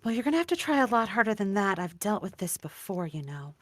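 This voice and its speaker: A woman playing a brisk spirit medium. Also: medium pitch, sing-song, dry recording. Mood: dismissive. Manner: breezy and self-assured.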